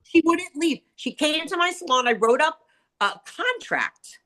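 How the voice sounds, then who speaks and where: A woman's voice: high-pitched, measured pace. Middle-aged salon lady spinning a story, voice bouncing all over, lots of like and you know. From New York. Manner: animated, acts out quotes, many "like" and "you know" fillers. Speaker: salon owner and author, podcast guest. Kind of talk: casual storytelling chat.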